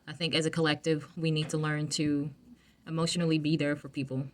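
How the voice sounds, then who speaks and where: A woman talking casually to her viewers, soft-spoken and reflective, with many fillers and restarts. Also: low-pitched, little pitch movement, a little fast, noisy background. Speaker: vlogger giving emotional wellness advice. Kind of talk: casual reflective talk to camera.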